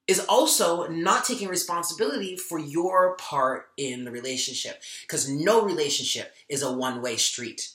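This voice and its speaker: A man's voice: fairly high pitch, expressive, moderate pace, few pauses, pushed and bright, echoey room. A man giving a tarot reading in a vlog, talking candidly and with emotion, swearing now and then. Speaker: tarot reader.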